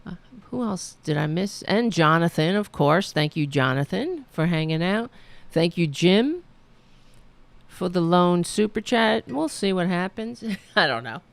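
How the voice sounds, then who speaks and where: Slow, gravelly woman hosting a livestream. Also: on the low side, very animated, no echo. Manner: casual, meandering, with many fillers and restarts. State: losing her voice. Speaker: host of a political livestream show. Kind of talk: rambling political commentary.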